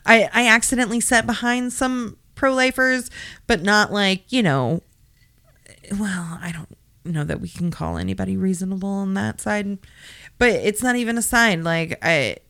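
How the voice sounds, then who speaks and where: A woman's voice: medium pitch, moderate pace, creaky, fairly bright tone, no room sound, clean studio sound. A woman co-hosting a podcast, telling a story in casual chat with frequent swearing and sassy asides. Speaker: podcast co-host.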